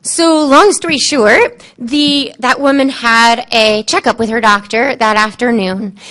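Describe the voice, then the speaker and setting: A woman on a panel telling stories from her work as an animal communicator, acting out what the animals and people said. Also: fairly high pitch. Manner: lively, quotes animals and people in changing tones; halting, frequent fillers and restarts. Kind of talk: storytelling on a panel.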